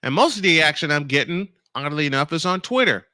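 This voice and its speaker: A man's voice: a little high, expressive, brisk, bright, forceful tone, dry recording, studio quality. A man hosting a morning show, ranting angrily at a critic and repeating his points for emphasis. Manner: confrontational, addresses a critic directly and reads comments aloud; emphatic, repeats phrases for effect. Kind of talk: angry on-air rant.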